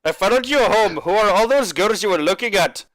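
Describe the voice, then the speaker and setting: A man's voice: sits high, lively intonation, extremely slow, bright, forceful tone, full character voice, poor audio. A man voicing an obsessive, jealous anime girl who stalks her crush, with a menacing, clingy delivery. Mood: clingy reading.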